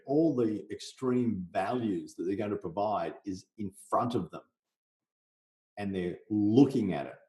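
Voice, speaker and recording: In a roomy, echoing recording, a middle-aged man from Australia speaks in a low, mellow voice. He explains his coaching method as a podcast guest with lively energy, and he keeps slipping into short acted sales exchanges. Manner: energetic, role-plays sales conversations. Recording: roomy echo.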